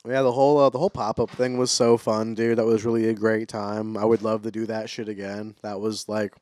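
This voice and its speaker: A man's voice: lowish voice, brisk, no room sound. A young man co-hosting a podcast, chatting casually with loose, profane banter. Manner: relaxed, profane, rambling. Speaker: podcast co-host. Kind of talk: casual chat.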